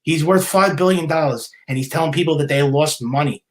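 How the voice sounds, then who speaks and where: A man's voice: on the high side, a little fast. A man hosting a solo sports podcast, ranting in a heated, indignant way, repeating himself and stumbling over restarts. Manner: heated, repetitive, stammering restarts; indignant, scolding. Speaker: podcast host.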